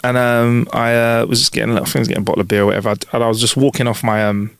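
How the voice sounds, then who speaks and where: A man's voice: mid-range voice, little pitch movement, racing, vocal fry, smooth, no room sound, studio quality. A man hosting a podcast, telling stories in a loose, jokey way with frequent laughs. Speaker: podcast host. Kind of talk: casual chat.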